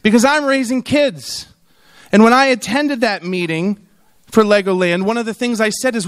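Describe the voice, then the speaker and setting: Man, 30s, high voice, funny conference speech, storytelling, comic asides, acted-out quotes. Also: normal speed, clear, resonant tone. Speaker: keynote speaker on tourism.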